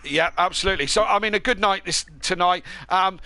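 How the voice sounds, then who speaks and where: High bright-voiced race host. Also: male voice, fairly quick. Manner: chatty, filler-heavy, enthusiastic. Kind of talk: post-race interview commentary.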